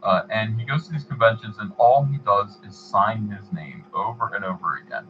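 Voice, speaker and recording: A man hosting a livestream, chatting casually and reading donations, in a rambling, halting way. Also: fairly low pitch, highs cut off, a little hiss or hum. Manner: rambling, halting, many fillers and restarts. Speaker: livestream host.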